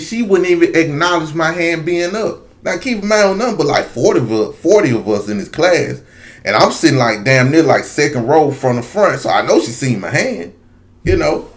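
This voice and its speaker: A man telling a long casual story straight to his viewers, rambling with many asides. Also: a little high. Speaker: video commentator.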